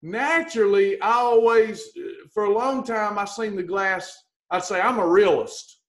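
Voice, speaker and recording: A woman's voice: medium pitch, measured pace. A woman gives a blunt, folksy motivational talk as a weight-loss coach and teases her listeners with pet names.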